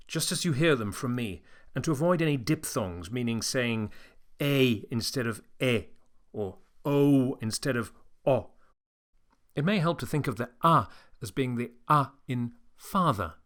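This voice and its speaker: A man teaching a beginner language lesson, modelling each word slowly and clearly for the learner to repeat. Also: mid-range voice, fairly bright tone.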